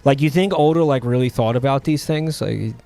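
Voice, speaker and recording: A male streamer talking casually to his chat, stopping and restarting his sentences and trailing off with fillers. His pitch sits in an ordinary middle range, and his tone is offhand and a little sardonic. Soft music plays underneath. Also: creaky. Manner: rambling, halting, with many fillers and restarts.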